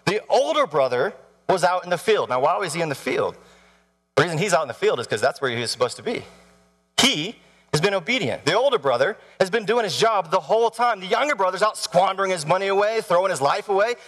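Animated male pastor preaching in a hall. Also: high voice, fast. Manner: animated storytelling, asks the audience questions. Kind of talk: sermon. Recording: long hall reverb.

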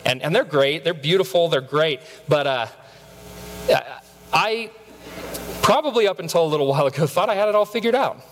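Animated preacher in a big echoing hall. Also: male voice, fairly high pitch, moderate pace, slight background noise. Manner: animated storytelling, self-mocking humor, stammered repeats. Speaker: pastor. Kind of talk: sermon. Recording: long reverb of a large hall.

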